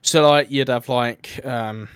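A man's voice: medium pitch, steady tone, slow, fairly bright tone, smooth, no echo, clean studio sound. A man hosting a casual comedy podcast, teasing his co-hosts with a guessing game and laughing often. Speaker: podcast host.

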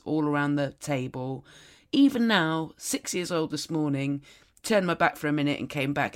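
Woman chatting on a podcast, dry and wry, telling stories about her kid. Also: low voice. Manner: wry, deadpan storytelling. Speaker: podcast co-host. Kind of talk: casual chat.

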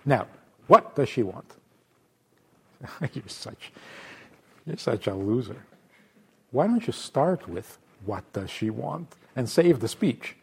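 A man teaching a Torah class, acting out imagined voices and laughing often, dropping to hushed asides and then rising loud. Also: mid-range voice, big pitch swings, slow, creaky, pauses often, husky. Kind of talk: lively spoken Torah class.

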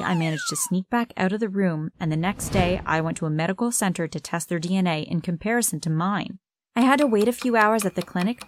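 A woman giving an expressive, dramatic first-person story narration. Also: mid-range voice, noisy background.

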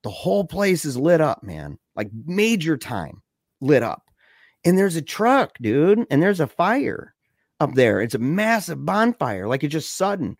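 A young man telling a scary story in a casual way, excited and slangy, saying dude and man a lot. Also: fairly high pitch, unhurried, no echo, clean studio sound.

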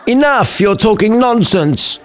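A man's voice: high-pitched, animated, a little slow, some chatter behind, voice pushed up. A man voicing a melodramatic, lovesick young nobleman in a comic storybook retelling, theatrical and mopey.

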